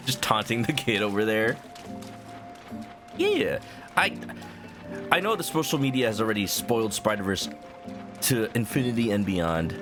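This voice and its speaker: A man's voice: mid-range voice, big pitch swings, normal speed, a bit bright. A man casually commenting while streaming a video game, playful and joking, rambling with little stammers, with game music behind him.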